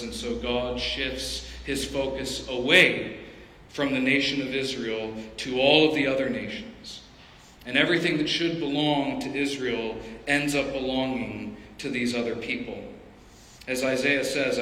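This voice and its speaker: Animated pastor, bright voice, echoey hall. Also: male voice, mid-range voice, measured pace, slight background noise. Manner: animated, conversational, with asides. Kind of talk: expository sermon. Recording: echoey hall with long reverb.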